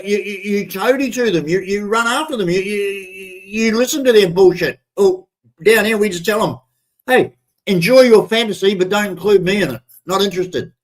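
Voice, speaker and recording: This ranting commentary comes from an older Australian man, accent and all, hosting a live stream with blunt, profane delivery that keeps stumbling and restarting. His voice sits high with a slightly bright quality, and the recording is poor.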